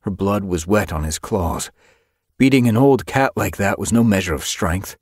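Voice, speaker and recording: Husky, expressive male audiobook narrator. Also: sits low, normal speed, no room sound, clean studio sound.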